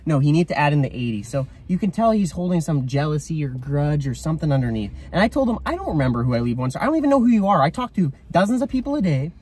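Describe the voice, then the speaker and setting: A young man talks fast and bluntly, reliving a confrontation in casual storytime chat. His voice has a husky, slightly rough edge, and he quotes himself with fired-up conviction. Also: fairly high pitch, sing-song, darkish tone. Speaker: reseller vlogger.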